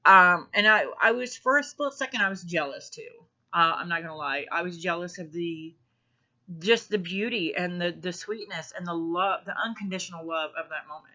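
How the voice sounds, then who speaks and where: A woman telling a personal story in a halting way, with many ums and restarts. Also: lowish voice, pushed and bright. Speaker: spiritual vlogger. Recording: dull lo-fi recording.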